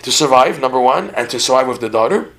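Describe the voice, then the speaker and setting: A man's voice: mid-range voice, expressive, fast talker, a bit bright. A man giving a religious lecture in a podcast conversation, talking animatedly with frequent repeated words and laughs. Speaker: religious teacher.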